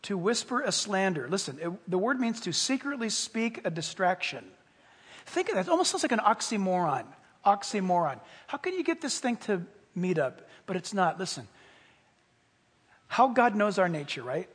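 High-voiced animated preacher in a hall. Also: male voice, moderate pace, slightly rough. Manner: animated, acts out little scenes and whispers for effect. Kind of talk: sermon. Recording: hall reverb, from a distance.

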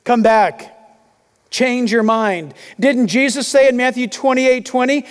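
Male pastor, high-pitched, emphatic sermon delivery, long hall reverb. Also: a little slow, smooth. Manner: emphatic preaching, loud and urgent.

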